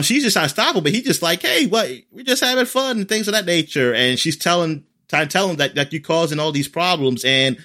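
A man in casual chat, recapping an episode in a rambling way with lots of fillers and lively quoted lines. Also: fairly high pitch.

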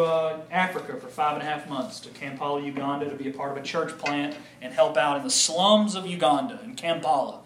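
A male pastor giving his personal testimony in an animated storytelling manner, acting out the voices of people he quotes. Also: fairly high pitch, fairly quick, hardly any pauses, a little hiss or hum. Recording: echoey room.

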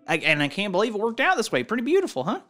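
Man doing a hammy radio quiz host, lively swooping pitch, bright sharp tone, yelling. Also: racing, faint music behind, heavily acted. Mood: hyped. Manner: yelling, hammy announcer delivery. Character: loud, excitable male radio game show host. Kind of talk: improvised comedy sketch.

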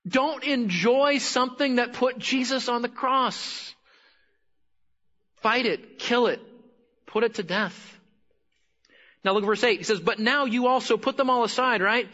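Pastor guy preaching, high bright voice, gets loud and punchy then drops quiet, bit dull lo-fi sound. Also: unhurried, long pauses. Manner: animated, swings from quiet asides to loud emphatic bursts. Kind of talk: sermon.

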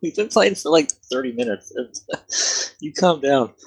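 A young man running a tabletop game as game master, relaxed and joking, thinking aloud as he goes. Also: a little high, measured pace, vocal fry, breathy edge, poor audio. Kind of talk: casual tabletop game narration.

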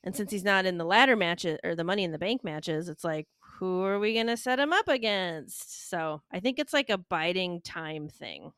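A woman's voice: lowish voice, lively intonation, normal speed, hardly any pauses, a bit bright, smooth, dry recording, clean studio sound. A woman co-hosting a casual wrestling podcast, enthusiastic, chatty and giggly. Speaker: podcast co-host.

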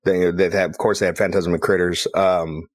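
Casting note: relaxed male co-host, low-pitched, loose and talkative. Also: a little fast. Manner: easygoing, chatty, laughs often. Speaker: podcast co-host. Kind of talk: casual profane chat.

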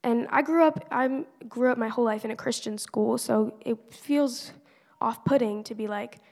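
Teen girl, slightly high voice with gravelly fry, earnest testimony, long reverb of a church hall. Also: moderate pace, a little mellow. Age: teenager. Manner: earnest, conversational, many "like" fillers. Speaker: church member giving a testimony. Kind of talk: personal faith testimony.

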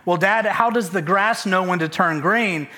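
A man's voice: sits high, normal speed, sharp tone. A man voicing a curious little girl.

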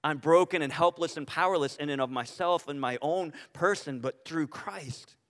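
A man preaching a sermon as pastor, animated and full of rhetorical questions, often restarting his sentences. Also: on the high side, normal speed. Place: church sanctuary. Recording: reverberant church hall.

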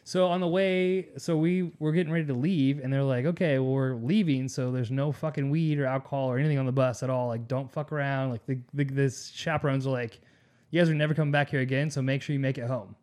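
A young man at an everyday middle pitch tells a story in loose, casual podcast talk. He swears freely and strings his thoughts together with fillers and restarts. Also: quick pace. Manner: profane, animated, rambling with many fillers. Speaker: podcast co-host.

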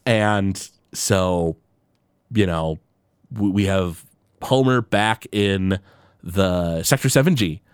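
A man's voice: deep voice, slow, long pauses, smooth, no room sound, studio quality. A man co-hosting a casual podcast, recapping a cartoon episode with lots of fillers and acted-out quotes. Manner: animated, many fillers, acts out quotes in raised voices. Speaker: podcast co-host.

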